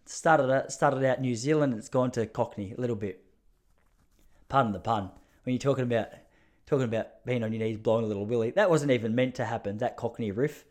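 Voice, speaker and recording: A man's voice: medium pitch, brisk, darkish tone. A man hosting a casual solo podcast, rambling and self-mocking, laughing at his own jokes. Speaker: podcast host.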